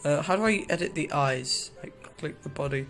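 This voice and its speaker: A man talks through a video game in a loose, rambling way, cracking jokes and breaking off his own sentences. His voice sits a little high for a man, with faint music in the background. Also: moderate pace, a bit bright. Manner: rambling, jokey, self-interrupting. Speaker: gaming video creator. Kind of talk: casual gameplay commentary.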